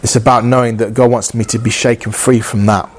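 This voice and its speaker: A man's voice: medium pitch, flat delivery, fairly quick, a little hiss or hum. A man preaching a sermon in an earnest, conversational way, often acting out inner dialogue and repeating phrases.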